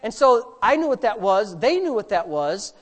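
A man preaching a sermon as a pastor, animated and sarcastic, swinging between loud, high bursts and quiet asides. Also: normal speed.

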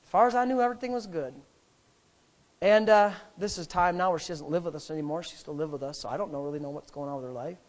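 Brief: middle-aged male pastor, high-pitched, emphatic and rambling as he tells a story from the pulpit. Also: fast talker. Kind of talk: sermon storytelling.

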